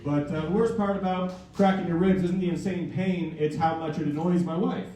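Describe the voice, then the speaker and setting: Brisk and warm, with a voice on the high side and fairly even intonation, a man in his thirties from Canada works through a self-deprecating stand-up routine at a comedy club with a live audience. He rambles with fillers and puts on silly voices. The recording is echoey from a distant mic, with audience laughter.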